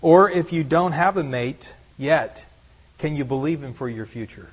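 This time the pastor's voice sits on the high side, with lively intonation, a breathy edge, and a normal speaking speed. His sermon stays earnest, full of repeated rhetorical questions and gentle jokes at his own expense, captured on a dull, lo-fi recording.

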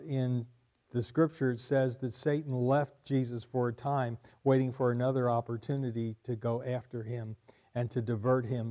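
Man preaching with a mellow voice. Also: mid-range voice. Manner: emphatic preaching, repeating key lines for stress. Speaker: pastor. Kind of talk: sermon.

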